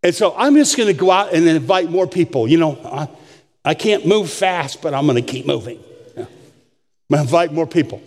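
A man's voice: on the high side, lively intonation, a little fast, darkish tone. An older man, a pastor, preaching a sermon with folksy, humorous storytelling in a church sanctuary. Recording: long church hall reverb.

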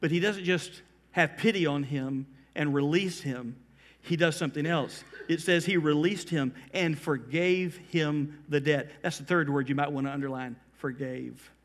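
A middle-aged male pastor with a notably high-pitched voice delivers a sermon. He builds intensity through repetition and drops his pace to weigh single words. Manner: emphatic preaching that swells in volume on repeated phrases; slows down to stress key words.

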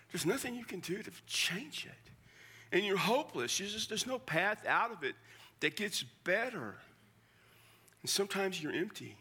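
An older man preaches with a bright, ringing voice pitched a touch high. He talks to the congregation in a conversational, emphatic way. At heavy moments he pulls back to a hush. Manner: conversational, emphatic, drops to a hush at emotional points. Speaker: pastor. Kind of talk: sermon.

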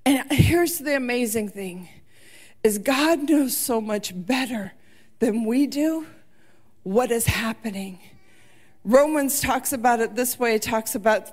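A woman preaching a sermon with impassioned delivery, rising to shouts and near tears as she retells scripture. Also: a little high, expressive, takes it slowly.

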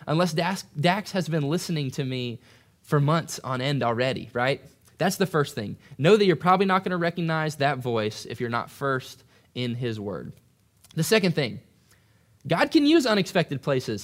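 A young man preaching a conversational sermon, animated and acting out quoted voices. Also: a little high. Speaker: pastor.

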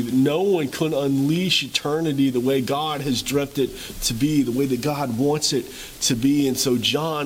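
A man's voice: medium pitch, slight background noise, low-quality recording. A man preaching a sermon, retelling a scene dramatically with repeated rhetorical questions. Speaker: pastor.

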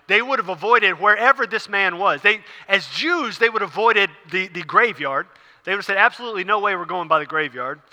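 Guy preaching a sermon, really bright voice, lots of uhs, echoey hall sound. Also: sits high. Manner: explanatory, with many fillers and restarts. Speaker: pastor.

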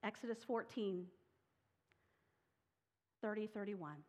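A woman's voice: medium pitch, takes it slowly, a little mellow. Woman preaching in a reverberant hall. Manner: dramatic scripture reading, voicing quoted speakers with rising intensity. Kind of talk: sermon.

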